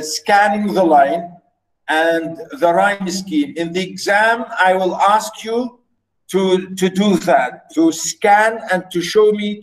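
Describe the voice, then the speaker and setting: Slow-speaking male poetry lecturer. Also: sits high, poor audio. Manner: slow, with frequent repetitions and fillers; reads verse aloud slowly and softly.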